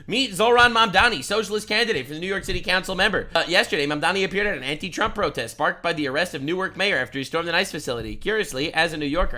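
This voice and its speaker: A man giving sarcastic commentary on political clips, ranting and bursting into loud mocking outbursts. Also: high-pitched.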